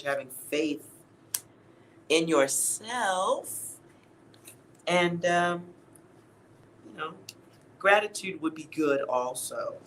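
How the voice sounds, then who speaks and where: A man's voice: on the high side, bright, forceful tone, a little hiss or hum, rough recording. A man giving a casual, blunt tarot reading to his viewers, laughing at himself and swearing now and then. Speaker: tarot reader.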